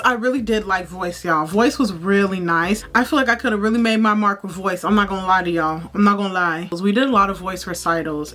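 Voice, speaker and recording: A woman's voice: medium pitch, a bit bright. A young woman vlogging, chatting casually and telling a childhood story while doing her makeup, often calling the viewers y'all. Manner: chatty, repeats herself, addresses viewers as y'all.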